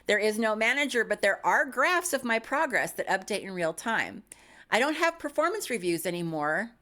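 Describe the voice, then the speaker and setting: A woman in her fifties delivers a scripted comedic monologue in a middle-pitched voice. She is wry and self-mocking, landing dry punchlines about her own habits. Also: very animated, normal speed, sharp tone. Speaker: YouTube creator.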